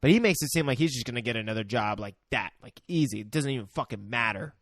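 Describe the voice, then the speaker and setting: Gravelly man, lively laid-back co-host. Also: medium pitch, fast, no echo, studio quality. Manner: laid-back reactions and interjections. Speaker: podcast co-host. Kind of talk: casual chat.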